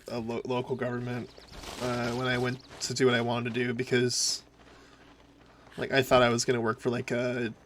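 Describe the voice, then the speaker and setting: Here is casual live-stream chatter from a man whose Minnesotan accent marks him as from the northern United States, rambling as he plays a game. He speaks in a mid-range voice over a faint hiss or hum.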